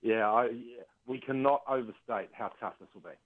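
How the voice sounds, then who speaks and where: A man joining sports chat by phone, quick and agreeable. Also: mid-range voice. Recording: tinny phone line.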